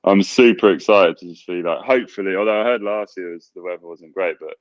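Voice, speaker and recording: A man talking as the guest of a casual video-call interview, relaxed and rambling, with plenty of fillers. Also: sits low, fairly quick, dry recording, muffled recording. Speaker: DJ and producer, guest.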